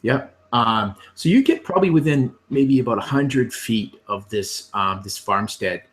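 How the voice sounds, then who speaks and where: A man narrating as game master, describing scenes in a relaxed, meandering way. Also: medium pitch, a little slow.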